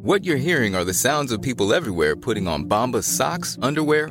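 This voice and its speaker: An upbeat man delivering a scripted advertisement, playful in tone and with a pitch that moves freely. Music plays clearly under his voice. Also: big pitch swings, brisk, few pauses. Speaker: ad announcer. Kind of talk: scripted ad read.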